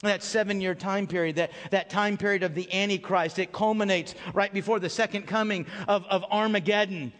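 A man delivers a sermon in a high voice, pushing up into loud, building questions and then dropping to hushed, low statements. He speaks from a large sanctuary, and a long reverb trails each line. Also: fairly even intonation, a little fast, few pauses. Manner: emphatic, swings between loud rising questions and low hushed lines. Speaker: pastor.

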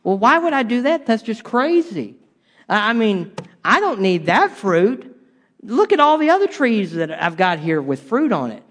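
A man's voice: high-pitched, big pitch swings, moderate pace, a bit bright, big-room sound, full character voice. A man playing a level-headed young woman from a sermon story, asking with plain disbelief why she would ever do such a thing. She sounds matter-of-fact and self-assured. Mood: incredulous. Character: Eve, young woman, calm and sensible, refusing temptation.

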